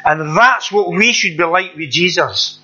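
Brief: earnest male preacher, high and bright voice, plain repetitive delivery, dull lo-fi recording. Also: lively intonation, a little slow, breathy edge. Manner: earnest, repetitive, conversational preaching with rhetorical questions. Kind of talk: sermon.

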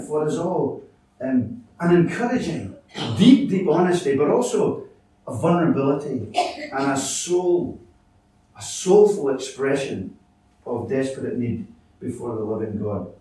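A man's voice: fairly high pitch, dark tone. Earnest male preacher in an echoey church. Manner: earnest, halting, with many restarts and fillers. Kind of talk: sermon. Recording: echoey hall, from a distance.

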